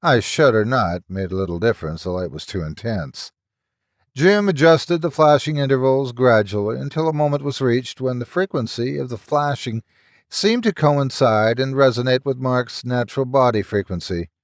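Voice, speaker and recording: A man narrates a scripted horror story with measured, expressive delivery. His pitch sits in the middle for a man but moves lively. The recording is dry and close, with no room sound. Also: no room sound.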